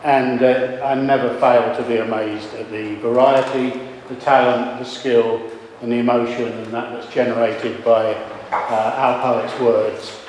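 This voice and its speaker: Male host wrapping up a live poetry evening, mid-pitched and hesitant, echoey hall with faint noise. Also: flat delivery, unhurried, darkish tone. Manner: hesitant, full of fillers. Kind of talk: casual closing remarks.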